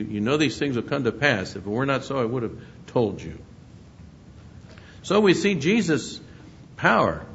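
Male preacher, lowish voice, emphatic sermon delivery, lo-fi recording. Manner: reads scripture aloud with emphatic rises, chuckles between points. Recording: muffled lo-fi recording with faint rumble.

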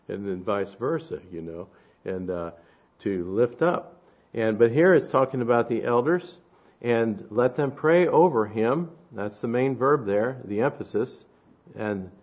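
A man's voice: medium pitch, dull audio. A man preaching an expository sermon in a conversational way, often checking in with his listeners and reading scripture aloud with rising force. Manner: conversational, asks the room "right?".

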